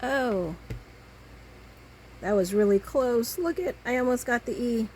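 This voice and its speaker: A woman's voice: a little high, animated, unhurried, a little mellow, a little hiss or hum, low-quality recording. A woman making a craft video, chatting casually to herself and the viewer as she cuts and glues. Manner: chatty, talks to herself while working. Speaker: crafting vlogger.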